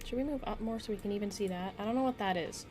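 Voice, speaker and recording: A woman's voice: mid-range voice, very fast, a little mellow, soft background music. A woman streamer chatting casually and playfully while she plays a video game. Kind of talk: casual gaming stream chat.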